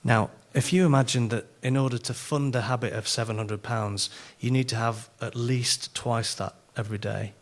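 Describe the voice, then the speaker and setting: Animated Yorkshire man preaching with humor. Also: medium pitch, moderate pace, hardly any pauses. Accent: Yorkshire English. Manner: animated, self-mocking storyteller. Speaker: conference speaker. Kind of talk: sermon with humorous stories.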